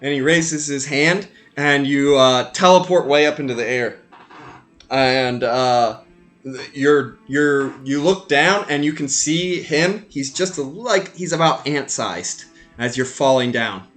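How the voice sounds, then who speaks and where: A man narrating as game master in a tabletop game, animated and stumbling over his words. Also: medium pitch, takes it slowly, faint music behind. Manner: animated narration with many fillers and restarts.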